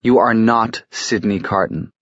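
A man's voice: lowish voice, unhurried, fairly bright tone, dry recording. A man voicing a dry, weary male warlock in an audiobook, speaking bitterly and drily.

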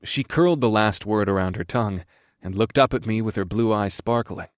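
A man's voice: on the low side, brisk, no room sound, clean studio sound. A man narrating a first-person audiobook in an amused storytelling manner.

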